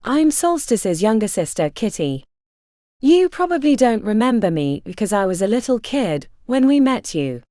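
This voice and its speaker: A blunt, determined young woman speaks with direct, firm lines, as a woman narrator voices her. Her pitch moves in a lively way. The sound is dry and close. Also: normal speed, no room sound.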